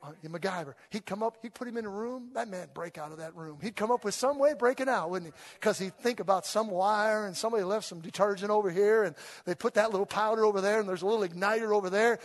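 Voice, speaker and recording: High-voiced preacher man in a reverberant hall. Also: fast talker, few pauses. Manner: animated, rising to loud exhortation, call-and-response with congregation. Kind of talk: energetic sermon. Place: church sanctuary. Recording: long reverb of a large hall.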